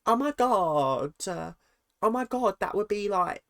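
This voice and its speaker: A ditzy, excitable young woman who gasps and squeals her words in a high, breathless pitch, as a man puts her on. She sounds panicked and wide-eyed, her voice leaping up as each exclamation tumbles out. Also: measured pace, no echo, heavily acted.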